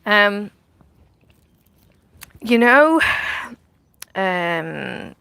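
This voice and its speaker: Stitching outside in the sunshine, a middle-aged vlogger talks in a gravelly, pushed, bright mid-range voice, a little slow. The dry recording catches her casual rambling, heavy on fillers, with asides she half-whispers.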